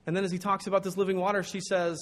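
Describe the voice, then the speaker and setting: A male pastor delivers a sermon in a fairly high voice. He is animated and tells stories, acting out the people in them. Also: racing. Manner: storytelling, animated, acts out quotes.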